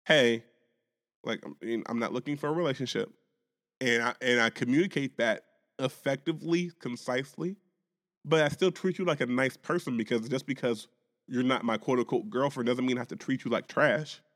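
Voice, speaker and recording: A man's voice: mid-range voice, brisk, fairly bright tone, big-room sound. A man co-hosting a podcast, arguing his point in casual, profane chat and often restarting his sentences. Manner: argumentative, stammering restarts, profane. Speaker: podcast co-host.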